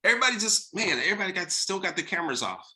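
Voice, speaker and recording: A man leads a team video call as its host, coaxing everyone to speak up with question after question. His voice is very bright and forceful, sitting a little high for a man. He sounds lively and keeps pushing the group to join in. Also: racing. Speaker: real estate team leader hosting a video call. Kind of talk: motivational coaching talk.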